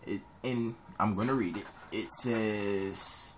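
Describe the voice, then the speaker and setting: A young man from Columbus, Ohio, giving rambling casual advice in a vlog, animated with sudden high-pitched jumps. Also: takes it slowly, slight background noise.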